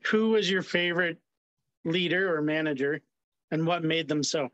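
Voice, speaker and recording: A man's voice: on the high side, normal speed, fairly bright tone, dry recording, muffled recording. A man taking part in a webinar over a video call, speaking politely and hesitantly with many fillers. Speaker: webinar participant.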